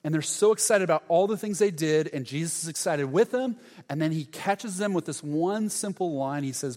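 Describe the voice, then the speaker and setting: A man preaching a sermon as pastor, earnest, letting key lines fall soft and low. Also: moderate pace, few pauses, in a large hall.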